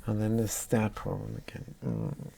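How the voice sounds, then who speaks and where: A man's voice: lowish voice, big pitch swings, normal speed, vocal fry, mellow. A man streaming live, talking through his code as he works and mumbling his thoughts aloud, often trailing off. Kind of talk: live coding commentary.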